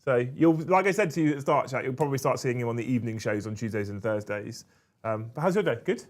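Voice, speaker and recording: A man's voice: medium pitch, animated, quick pace. A man from England co-hosting a casual livestream, reading out chat messages with a brash, teasing manner and frequent swearing. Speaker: co-host reading live chat.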